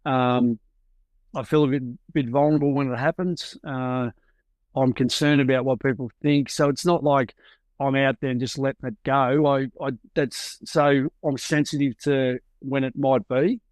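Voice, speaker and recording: A man's voice: mid-range voice, steady tone, moderate pace, darkish tone, no echo. A middle-aged Australian man, a football coach, gives candid, reflective interview answers and searches for his words.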